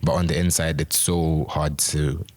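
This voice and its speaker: A man's voice: very deep voice, level tone, measured pace. A young man co-hosting a casual panel discussion, earnest and encouraging, with faith-based advice. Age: young adult. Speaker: co-host of a youth discussion.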